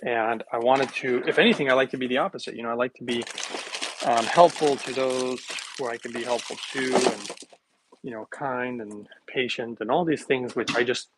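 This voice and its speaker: A man rambles to camera while he makes a smoothie in his kitchen, joking and laughing along the way. His pitch sits in the usual middle for a man. Clear noise runs under his voice the whole time. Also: steady tone, normal speed. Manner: playful, jokey, chatty, laughs often. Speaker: vlogger making a smoothie. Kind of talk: casual rambling monologue to camera.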